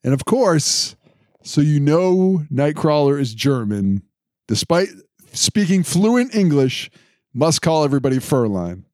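A man's voice: on the high side, big pitch swings, unhurried, darkish tone, dry recording, clean studio sound. A man co-hosting a casual chat, steadily recapping events with occasional fillers. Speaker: podcast co-host.

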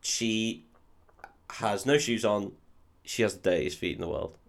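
A man's voice: fairly low pitch, measured pace, vocal fry. A man, co-hosting a podcast and recapping a film in casual, sweary chat, often laughing. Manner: sweary, laughing, animated retelling. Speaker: podcast co-host.

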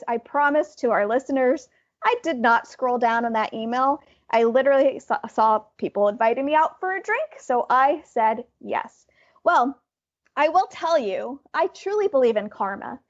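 A woman co-hosting a podcast, telling a story in an animated way and laughing now and then. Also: high voice, dull audio. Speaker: podcast co-host. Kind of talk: casual storytelling chat.

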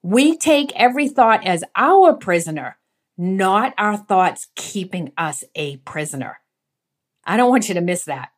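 A woman's voice: mid-range voice, big pitch swings, a little slow. A woman giving earnest devotional teaching, emphatic and asking the listener questions. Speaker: Bible teacher.

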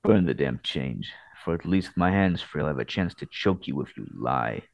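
A man's voice: a bass voice, expressive, moderate pace, gravelly, highs cut off, full character voice. A man voicing a suspicious, angry male hero while reading a novel's dialogue aloud. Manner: curt and accusing.

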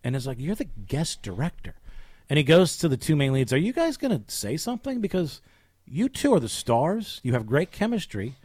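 Telling a behind-the-scenes story to his podcast co-host, a man animates the retelling by performing each quote. His voice is husky and medium-pitched at a moderate pace, with clean studio sound and no room echo.

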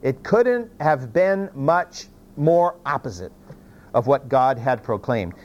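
A man's voice: mid-range voice, slow, highs cut off. A man teaches from the Bible in a sermon, retelling the story in his own folksy words. His voice moves widely up and down as he talks, and he often restarts a phrase before carrying on. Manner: animated storytelling with many restarts and folksy asides.

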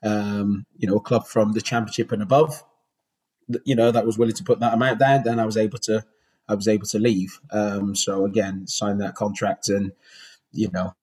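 Man, 40s, Bristol accent, husky, rambling, restarts a lot, casual interview. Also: fairly low pitch, flat delivery, normal speed, a little mellow, low-quality recording. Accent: Bristol English. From Bristol, England. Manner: rambling, many restarts and fillers. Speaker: former goalkeeper, guest.

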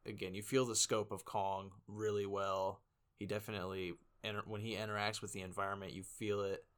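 A man co-hosting a movie review podcast, relaxed and joking, laughing often. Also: lowish voice, brisk, clean tone. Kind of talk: casual chat.

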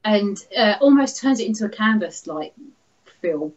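A chatty woman, a guest artist, explaining her work in a relaxed interview, with lots of fillers and quick laughs. Her voice sits at a mid pitch. The recording is a little dull and lo-fi. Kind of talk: casual interview.

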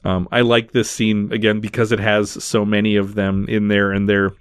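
A man with a lowish voice walks through a film scene by scene, casual and chatty, leaning on "like" and "um". He is recorded close and dry, with no room sound. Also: little pitch movement, moderate pace, clean tone, no room sound. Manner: recaps scenes in detail, many fillers.

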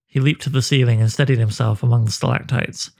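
A man narrating a dark fantasy story with a measured, dramatic delivery. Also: mid-range voice, fairly even intonation.

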